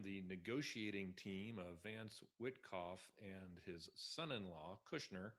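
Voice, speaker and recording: Low voiced guy, sardonic news recap, dry and wry. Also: fairly bright tone. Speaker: political commentator. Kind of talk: news commentary.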